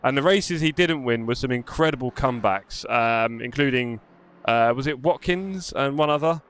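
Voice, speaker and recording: A man's voice: mid-range voice, normal speed, a bit bright, clear, resonant tone. A man hosting a live sim racing stream, chatting and congratulating drivers after the race. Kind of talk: live race commentary and chat. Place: home sim racing setup.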